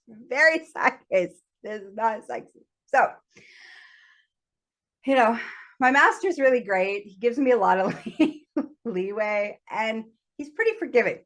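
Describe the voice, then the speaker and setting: A woman's voice: mid-range voice, fairly bright tone. A woman host telling a candid personal story, frank about sex, laughing often and acting out her own panic in quoted asides. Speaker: podcast host.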